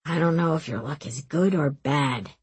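A woman voicing a cheerful, mischievous young male prince who studies magic, with a low, hushed delivery. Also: lively intonation, unhurried, slightly rough, no echo, exaggerated voice. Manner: cheerful, then hushed and conspiratorial.

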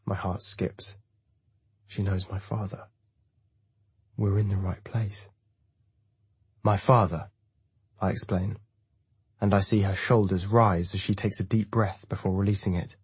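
A man reading a first-person audiobook in a measured, even way. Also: sits low, breathy edge, no room sound. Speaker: audiobook narrator.

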